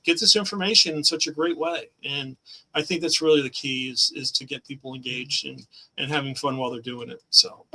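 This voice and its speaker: A man's voice: medium pitch, fairly even intonation, fairly quick, pushed and bright, poor audio. A middle-aged man chatting as a guest on a remote talk show, enthusiastic and rambling, laughing often. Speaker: guest comic creator. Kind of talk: casual interview chat.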